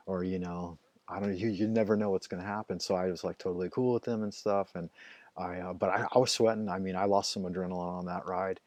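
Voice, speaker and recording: A man's voice: low-pitched, a little mellow, dry recording. A middle-aged man hosting a live stream, telling stories in a casual, rambling way, swearing often and filling gaps with "like" and "you know". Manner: profane, loose, chatty, with frequent fillers.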